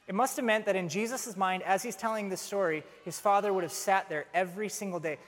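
A young man preaching a sermon as a pastor, telling stories with animated, self-mocking humor. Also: sits high, quick pace, few pauses. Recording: long reverb of a large hall.

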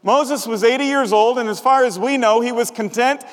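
High-voiced pastor preaching in a hall. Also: male voice, normal speed. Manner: conversational, humorous, asks the congregation questions. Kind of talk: sermon. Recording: long reverb of a large hall.

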